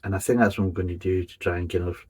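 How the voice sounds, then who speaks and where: A man's voice: deep voice, steady tone, rapid-fire, breathy edge, rough recording. A man giving a casual, methodical beer review, describing each flavour in detail. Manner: methodical, detailed tasting commentary.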